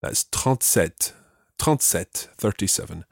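Husky, lively-voiced male language teacher. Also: fairly low pitch, no room sound, studio quality. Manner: patient, repeats each phrase slowly for learners. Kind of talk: podcast language lesson.

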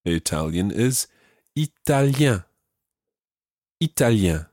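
A man teaching a podcast language lesson, patiently repeating each phrase slowly for learners. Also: fairly low pitch, big pitch swings, a little mellow, no room sound, studio quality.

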